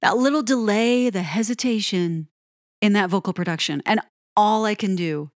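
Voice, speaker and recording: A woman giving an admiring, unhurried commentary on a pop ballad. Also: medium pitch, no echo, studio quality. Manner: admiring, lingers on phrases, sings lyric snippets. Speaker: music reviewer. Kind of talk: song-by-song music commentary.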